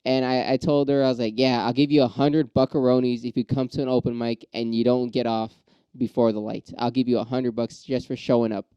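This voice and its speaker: Man, casual vlog rant, heavy cursing, rambling restarts, mellow voice, dry muffled lo-fi sound. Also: medium pitch, a little fast, clear, resonant tone, no echo. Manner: profane, rambling ranting with restarts; gets riled up then calms. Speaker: aspiring stand-up comedian.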